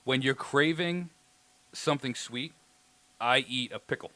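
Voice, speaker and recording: A man's voice: mid-range voice, a little slow, bright, forceful tone, no echo. A man co-hosting a podcast in casual, self-mocking banter, laughing often. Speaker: podcast co-host.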